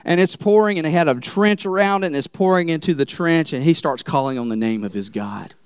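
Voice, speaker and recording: A male pastor preaching a sermon in church, telling the story in an animated way and laughing often. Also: fairly high pitch, brisk, smooth, no room sound, studio quality.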